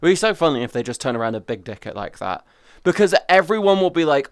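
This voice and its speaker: Man, young adult, live streamer, casual rambling chat, profane, smooth resonant voice, dry close sound. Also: fairly high pitch, very animated, fast, dry recording. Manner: rambling, profane, restarts often.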